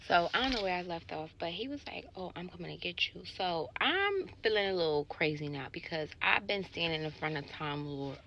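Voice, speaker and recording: A woman telling a casual story to camera about a bad date, indignant and animated, swearing and acting out both sides of the dialogue. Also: lowish voice, fairly quick, few pauses. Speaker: sales associate telling a dating story.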